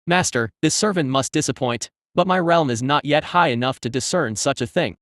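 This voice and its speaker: A man's voice: medium pitch, normal speed, a bit bright, dry recording, clean studio sound, close to an everyday voice. A man reading as a pompous servile spider king. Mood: formal. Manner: stiff, pompous formal speech. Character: giant spider king, male, formal and servile.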